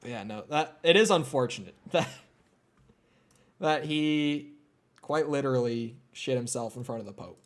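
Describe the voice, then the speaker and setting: Unhurried and medium in pitch, a young man with a Minnesota accent chats loosely while streaming a video game. His casual commentary wanders, with frequent swearing and plenty of "like" to fill the gaps.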